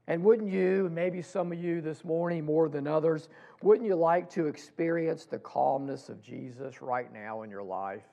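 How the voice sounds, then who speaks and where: Slow, gravelly-voiced male pastor preaching. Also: a little high, a little mellow. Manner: slow, deliberate preaching with pauses and restarts. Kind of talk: sermon.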